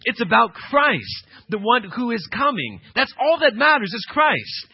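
A male pastor preaching an emphatic sermon, swinging from quiet passages to loud, insistent ones. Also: very high-pitched, very animated, a little slow, breathy edge, no room sound, lo-fi sound.

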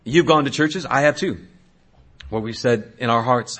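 A man in his thirties, a pastor preaching a sermon, swinging between hushed asides and loud exhortation. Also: medium pitch, normal speed.

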